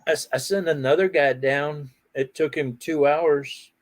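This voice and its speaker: A middle-aged man hosting a casual outdoor chat, telling animated stories and laughing often. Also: a little high, unhurried. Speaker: host.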